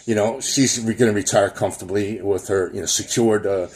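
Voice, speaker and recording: A man's voice: fairly low pitch, fairly even intonation, brisk, darkish tone. A man hosting his own show, giving heated, rambling political commentary full of restarts and trailing fillers. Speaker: host.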